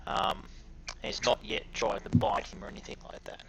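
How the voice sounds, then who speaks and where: A man running an online tabletop game as game master, talking haltingly with many fillers. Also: noisy background.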